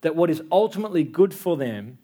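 This pastor, a man in his thirties, delivers his sermon conversationally, tossing in tag questions such as "yeah?" to keep listeners engaged. His voice is a little high yet dark in tone, very animated and brisk.

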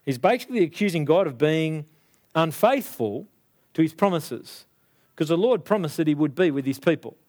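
A young adult man preaching a sermon, animated and acting out the voices of biblical figures. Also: on the high side, moderate pace.

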